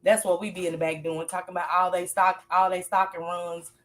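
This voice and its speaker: A woman's voice: on the low side, flat delivery, fairly quick, a bit bright. A woman hosting a casual livestream, talking straight to her chat in a loose, joking and profane way. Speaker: livestream host.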